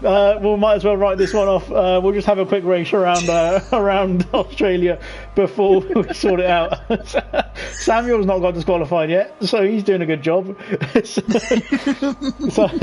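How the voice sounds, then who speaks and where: A man's voice: high-pitched, steady tone, unhurried, a little mellow, a little hiss or hum. A man hosting an online racing league, chatting casually and laughing often as he calls the race. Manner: laughs often while talking, loose and chatty. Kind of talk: casual live race commentary.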